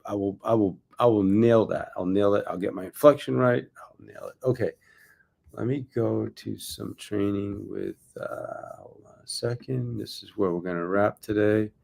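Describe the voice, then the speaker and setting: Gravelly-voiced man rehearsing a talk. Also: fairly low pitch, normal speed, a little mellow. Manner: restarts lines and comments on own delivery. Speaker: sales coach. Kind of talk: rehearsing a talk, casual livestream.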